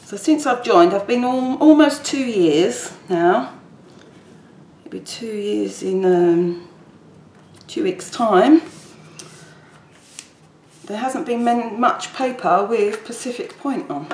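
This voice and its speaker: In a slightly high, slightly mellow voice, a woman takes her time, leaving long pauses as she chats through a papercraft demonstration. She's a tutor rambling while she works in a casual crafting tutorial. Faint background noise and echo fill the room.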